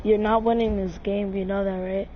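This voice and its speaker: A woman's voice: mid-range voice, little pitch movement, moderate pace. A woman giving casual gameplay commentary at home, trash-talking and teasing her opponents with repeated taunts. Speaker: gaming channel host. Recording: dull lo-fi sound with faint noise.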